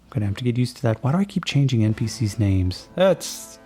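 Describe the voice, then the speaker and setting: A man's voice: mid-range voice, big pitch swings, a little fast. A man narrating as game master of a tabletop game, talking in a laid-back, rambling way with many fillers. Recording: soft background music.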